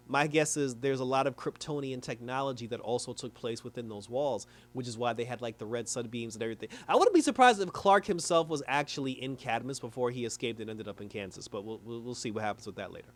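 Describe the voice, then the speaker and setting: A young man casually recapping a cartoon episode, animated and laughing often as he acts out the characters' lines. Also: mid-range voice.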